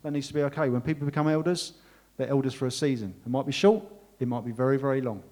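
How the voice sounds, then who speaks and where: Talking fast in a steady, medium-pitched tone, a pastor preaches a sermon in which he earnestly thanks his congregation and leads them in a closing prayer. His thanks come across as warm and emotional.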